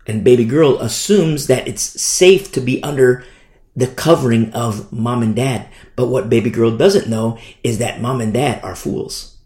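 A man's voice: mid-range voice, a little slow, a little mellow. A man preaching a sermon in a fiery, scornful, emphatic manner. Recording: echoey room.

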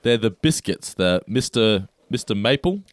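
Low-voiced man taste-testing snacks. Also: expressive, normal speed, no room sound. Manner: enthusiastic, describes food while chewing. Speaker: co-host. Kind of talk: casual snack taste-test chat.

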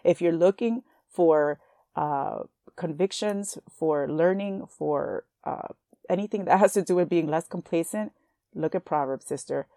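A young woman hosting a Christian podcast, talking earnestly and warmly to her listeners as sisters, at times emotional. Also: on the low side, unhurried, dry recording, clean studio sound. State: emotional, near tears. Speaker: podcast host. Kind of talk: faith podcast encouragement.

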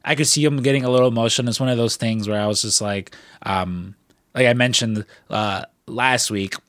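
A man's voice: mid-range voice, a little fast, fairly bright tone, no room sound. Guy rambling thru a story, lots of likes and swearing, dry mic. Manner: rambling storyteller, swears freely, many fillers. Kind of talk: casual chat.

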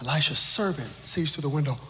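A man preaching a sermon with storytelling, shouting and playful, then dropping suddenly to quiet. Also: a little high, quick pace, very noisy. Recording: long reverb in a large hall.

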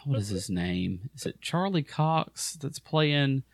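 A man's voice: medium pitch, slow, no echo, clean studio sound. A man co-hosting a podcast, chatting casually and animatedly, now and then jumping into comic voice impressions. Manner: animated, mimics voices for laughs. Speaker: podcast co-host. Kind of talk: casual chat.

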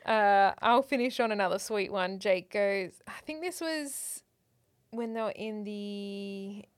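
Woman podcast cohost chatting about a tv show, reading out quotes kinda flat, dry close mic. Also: medium pitch, slow, no echo. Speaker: podcast co-host. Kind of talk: casual TV recap chat.

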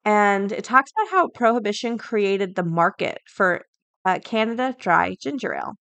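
A woman hosting a daily podcast, chatting casually and reading an article aloud, thinking out loud as she goes. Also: medium pitch, lively intonation, moderate pace, vocal fry, no echo. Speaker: podcast host.

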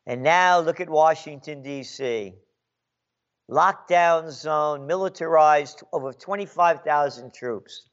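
A man's voice: fairly high pitch, takes it slowly, dull audio. A man delivering an angry, sarcastic political rant as a commentator. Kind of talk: ranting monologue.

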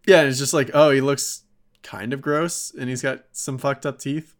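A man co-hosting a podcast in casual chat, an excitable fan who fills his talk with "like". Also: mid-range voice, normal speed. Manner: excitable fan, heavy on "like" fillers. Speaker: podcast co-host.

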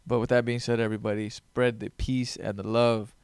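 A man's voice: medium pitch, level tone, a little fast, a little mellow, clear, resonant tone, no room sound. A man hosting a solo podcast, rambling casually and joking with plenty of profanity. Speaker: podcast host. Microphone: headphones on, close mic.

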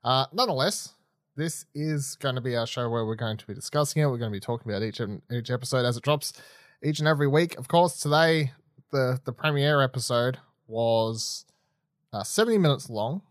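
A man's voice: mid-range voice, brisk, dry recording, clean studio sound. A man hosting a casual podcast, talking in a chatty, loose way that drifts into side notes. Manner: chatty, loose, prone to tangents. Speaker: podcast host.

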